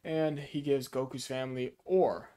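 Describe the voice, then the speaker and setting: A tired young man talks through a game card review in a casual, low-energy voice. His pitch sits in an ordinary middle range, and he pads his talk with fillers and quick self-corrections. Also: fairly even intonation, mellow, smooth. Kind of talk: casual commentary.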